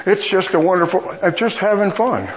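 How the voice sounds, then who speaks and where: A man's voice: sits high, a little fast, low-quality recording. A middle-aged man preaching a storytelling sermon, with folksy, self-mocking humor.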